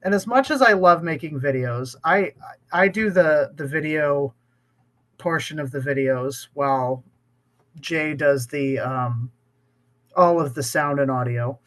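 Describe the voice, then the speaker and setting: A man's voice: fairly high pitch, measured pace, fairly bright tone. A man co-hosting a podcast in casual chat, sick with a cough, talking at length and often restarting his sentences. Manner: talkative, rambling with many restarts. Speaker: podcast co-host.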